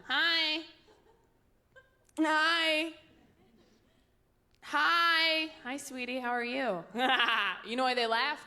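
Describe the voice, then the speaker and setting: A woman's voice: a little high, fairly bright tone. A woman doing a stand-up set, with a punchy, self-mocking delivery and acted-out quotes. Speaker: stand-up comedian. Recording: noisy live stage recording.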